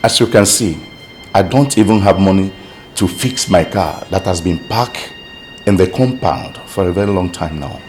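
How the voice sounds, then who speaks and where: A man playing a soft-spoken husband who pleads and tries to calm his wife, in a film scene with faint music under it. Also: low-pitched, normal speed, close to an everyday voice. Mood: pleading. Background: background music.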